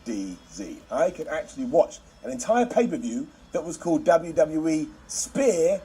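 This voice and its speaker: Animated man reviewing wrestling. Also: a little high, normal speed, husky. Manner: animated, sarcastic, joking asides. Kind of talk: scripted review narration.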